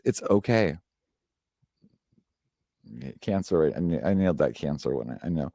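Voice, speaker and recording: A man's voice: very deep voice, lively intonation, moderate pace, vocal fry, long pauses, warm tone, no room sound, clean studio sound. A man hosting a live stream and reading horoscopes in a rambling, chatty way, full of fillers and self-corrections. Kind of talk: casual live-stream chat.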